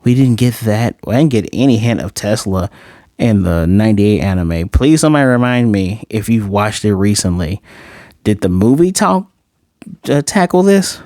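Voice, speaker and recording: A man in his late thirties talks through an episode review in a relaxed, meandering way. He keeps stopping to correct himself and drifts into side remarks. His voice sits on the low side, and it is recorded dry and close. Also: moderate pace, no echo. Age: 30s. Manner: rambling, self-correcting, chatty asides. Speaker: anime reviewer. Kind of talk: casual spoken review.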